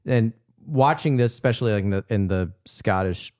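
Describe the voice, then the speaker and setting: Low, dry-voiced man in casual chat. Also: a little mellow, dry recording. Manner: rambling, halting, many restarts and fillers. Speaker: podcast co-host. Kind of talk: casual film discussion.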